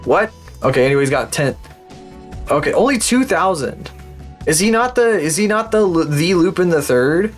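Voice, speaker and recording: A man's voice: a little high, expressive, normal speed, soft background music. A young man streaming live, commenting as he plays, swearing often and mumbling names aloud as he guesses.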